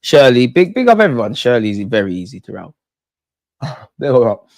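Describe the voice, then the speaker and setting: A man hosting a live football watch-along, chatting in excitable, slangy banter with his viewers. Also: mid-range voice, moderate pace, dry recording. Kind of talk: live fan commentary and chat.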